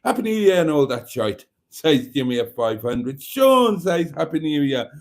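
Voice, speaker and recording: Man, livestream host, camp and jokey, slightly high voice. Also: very animated, moderate pace. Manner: chatty, camp and joking, reads viewer messages aloud. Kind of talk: casual live chat reading comments.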